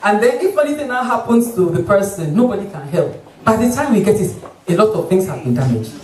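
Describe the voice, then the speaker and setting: A Nigerian-accented doctor gives a health talk in a hall, lively and fond of mimicking patients. The voice sits in the middle of the pitch range and carries plenty of room sound. It is picked up from a distance, away from the microphone. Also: a little fast. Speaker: doctor, obstetrician. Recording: roomy hall, voice from far off the mic.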